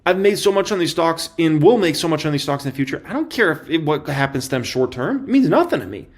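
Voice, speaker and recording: Emphatic, excitable man with lively pitch. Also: quick pace, slightly rough. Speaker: stock market commentator. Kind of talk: casual market commentary to camera.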